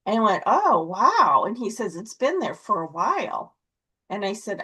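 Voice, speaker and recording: A middle-aged woman on a video call, telling a personal story in casual chat and acting out her own excited voice when she quotes herself. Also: medium pitch, normal speed, slightly rough, rough recording.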